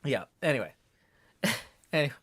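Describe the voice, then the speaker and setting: A woman's voice: very deep voice, sing-song, normal speed, slightly rough. A woman streaming casually, chatting in rambling tangents and laughing often before reading a novel aloud. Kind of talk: casual live-stream chat.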